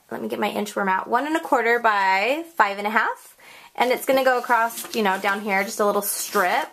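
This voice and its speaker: A woman's voice: creaky, slight background noise. Bubbly chatty woman crafter. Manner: bubbly, chatty, squeals high when excited; self-correcting, apologetic asides. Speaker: crafting video host. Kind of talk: casual craft tutorial.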